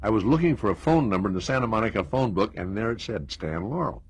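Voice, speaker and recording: A man's voice: lowish voice, animated, fast talker, slightly rough. An older American man reminiscing in an interview, telling stories with chuckles and asides. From United States. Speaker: interview guest.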